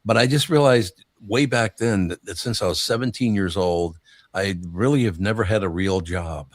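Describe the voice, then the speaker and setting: A man's voice: fairly low pitch, moderate pace, dry recording, studio quality. An older man hosting a live podcast, rambling through stories in casual chat and laughing often. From United States. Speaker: radio show host.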